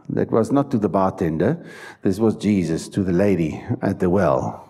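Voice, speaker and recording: A man's voice: sits low, normal speed, warm tone, slightly rough. A man preaching a sermon in a church, stressing his points and putting questions to the congregation. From South Africa. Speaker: pastor.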